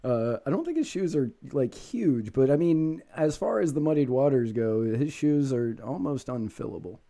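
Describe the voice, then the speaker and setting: A man hosting a casual podcast with a very dark, mellow voice. He is chatty and laughs easily with his co-host. He speaks at a middle pitch. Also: animated, moderate pace.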